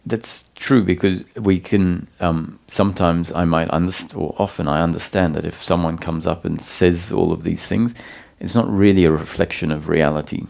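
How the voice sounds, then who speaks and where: Low gravelly-voiced man teaching calmly. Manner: calm, explanatory, with frequent pauses and restarts. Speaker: spiritual teacher. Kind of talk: satsang talk.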